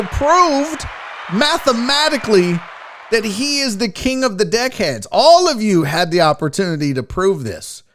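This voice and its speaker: A man with a high, very lively voice hosts a sports show from a home setup. He talks casually, swears freely and teases his viewers. His pitch leaps up and down as he riffs. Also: a little hiss or hum. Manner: animated, profane, teasing the chat. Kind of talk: profane casual livestream chat.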